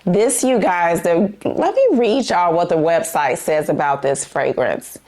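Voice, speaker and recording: A woman's voice: lowish voice, lively intonation, measured pace, darkish tone. A woman chatting casually to camera as a perfume vlogger, gushing and saying you guys and y'all.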